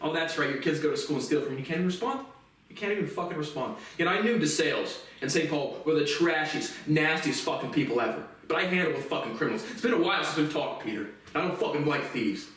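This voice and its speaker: A man's voice: a little high, animated, quick pace, fairly bright tone. A man in a bitter, profane monologue rant, repeating himself as he goes. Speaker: vlogger. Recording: very echoey room, distant mic.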